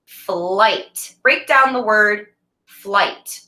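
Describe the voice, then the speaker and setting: A woman teaches a reading video lesson to young children, with a bright, clear voice. She stretches her words slowly and clearly and praises often. The sound bounces around an echoey room. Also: medium pitch. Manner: slow, clear, encouraging teacher talk with drawn-out words.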